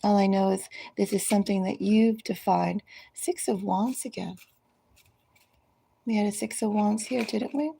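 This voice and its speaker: A woman giving a collective tarot reading, speaking directly to each zodiac sign in an unhurried, musing way. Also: mid-range voice, steady tone, gravelly, mellow, husky, poor audio. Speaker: tarot reader.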